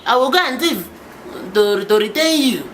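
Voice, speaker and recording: An actor with a Nigerian accent playing a broke young boyfriend, pleading and excitable in pidgin. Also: male voice, very high-pitched, moderate pace, slight background noise. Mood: agitated.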